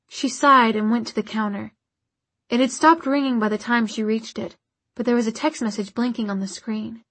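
A woman narrating a novel in a measured, even storytelling manner. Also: a little high, no echo. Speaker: audiobook narrator. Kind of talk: scripted narration.

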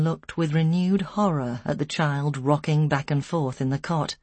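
A woman narrates a story in a slow, somber way, her voice lowish and husky. The recording is close and dry. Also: darkish tone, no room sound. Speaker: audiobook narrator. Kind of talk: scripted narration.

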